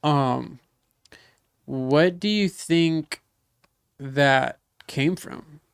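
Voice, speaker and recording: A man from the States, hosting a casual podcast interview, telling animated stories and acting out quoted dialogue. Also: a little high, drawn-out words, gravelly, clear, resonant tone, dry recording, clean studio sound. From Southern United States. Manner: asks probing follow-up questions. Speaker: podcast host.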